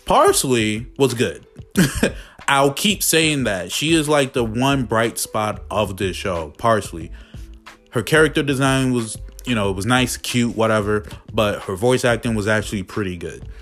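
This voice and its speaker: A man's voice: mid-range voice, animated, measured pace, fairly bright tone. A man reviewing a show in a casual, profane, exasperated rant full of fillers, with faint music behind him. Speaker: video reviewer.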